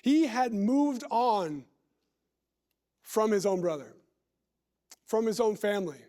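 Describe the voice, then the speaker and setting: A man preaching a sermon in a church. He reads scripture and talks deliberately, stretching words and putting questions to the listeners. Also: high-pitched, expressive, warm tone.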